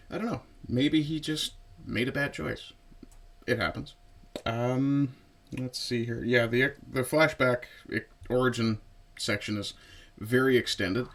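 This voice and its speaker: Guy with a lowish voice doing a laid-back movie review, chatty, lots of ums and side comments. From Newfoundland, Canada. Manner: relaxed and conversational, with frequent fillers and asides. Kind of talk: casual spoken film review.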